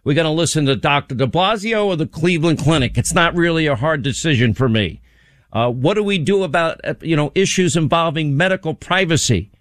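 Man, talk radio host, sarcastic, combative, fairly high voice, dry studio sound. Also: animated, a little fast, fairly bright tone, dry recording. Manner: combative, sarcastic, rhetorical questions. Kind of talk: political talk monologue.

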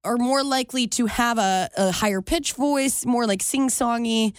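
A woman co-hosting a casual radio show, telling stories in an animated way. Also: a little high, moderate pace, no echo, studio quality. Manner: animated storyteller, laughs often. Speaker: radio co-host.

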